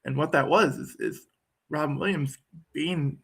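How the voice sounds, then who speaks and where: A man's voice: fairly high pitch, unhurried, vocal fry, a bit bright, husky. A man talking in a thoughtful, conversational way, often repeating words while he searches for them. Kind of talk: reflective conversational talk.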